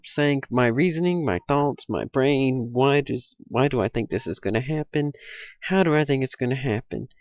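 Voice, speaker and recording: A man with a medium-pitched voice hosts his own video from his computer at home, giving sports picks in a casual, rambling monologue. He pokes fun at himself and launches into mock-indignant rants. The lo-fi recording sounds dull and dry.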